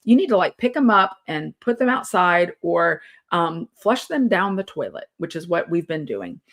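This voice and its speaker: A woman's voice: lowish voice, sing-song, moderate pace, fairly bright tone. A middle-aged woman, chatting casually as host and telling a long story with many fillers and restarts. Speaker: yarn studio owner and vlog host.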